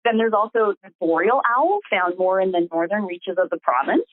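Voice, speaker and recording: A woman's voice: medium pitch, moderate pace, no echo. A woman biologist giving a friendly presentation on a conference call. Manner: friendly, mimics owl calls. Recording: tinny phone line, dry.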